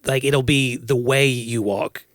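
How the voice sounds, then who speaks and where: A man's voice: mid-range voice, fairly even intonation, measured pace, dry recording, studio quality. A man co-hosting a podcast, talking in an earnest, reflective way and laughing easily. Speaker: podcast co-host. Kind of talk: casual chat.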